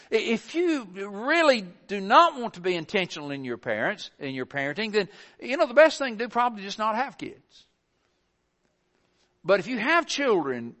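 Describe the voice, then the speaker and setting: An older man preaching an earnest sermon, building to forceful emphasis on his points. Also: high voice.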